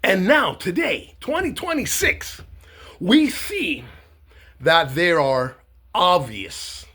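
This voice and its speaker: A man's voice: sits high, very animated, slow pace, sharp tone, breathy edge. A man giving a rambling, sarcastic monologue to camera, with many hesitations and filler sounds. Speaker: commentator.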